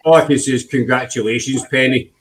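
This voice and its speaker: A man's voice: mid-range voice, steady tone, fast, low-quality recording. A man hosting a loose live-stream chat. He talks in a laid-back, meandering way, full of ums and you-knows. His voice sits in a middle register. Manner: laid-back, rambling, frequent fillers. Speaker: host.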